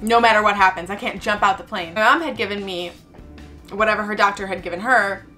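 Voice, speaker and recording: A woman's voice: mid-range voice, brisk, soft background music. Chatty young woman telling a travel story. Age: 20s. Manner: chatty, animated, acts out quoted voices, frequent "like". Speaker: travel vlogger. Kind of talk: casual storytelling.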